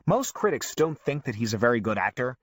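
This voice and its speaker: A man narrating an audiobook in a lively storytelling manner. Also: medium pitch, a little fast, dry recording, studio quality. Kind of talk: scripted narration.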